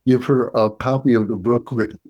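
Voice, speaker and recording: A man, a clinical psychologist, telling a story as a guest in an interview, measured and reflective, pausing and restarting as he thinks. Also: medium pitch, steady tone, a little mellow, muffled recording.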